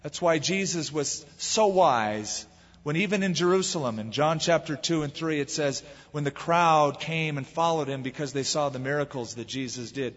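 Preacher, male, breathy and a bit high, dramatic delivery; long hall reverb, muffled lo-fi sound. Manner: dramatic, acts out crowd voices. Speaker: pastor. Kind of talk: sermon.

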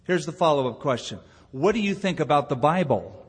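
A man's voice: a little high, lively intonation, a little fast, husky. Man preaching in a reverberant hall. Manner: storytelling preacher, rising to emphatic delivery. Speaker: pastor. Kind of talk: sermon. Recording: long reverb of a church hall.

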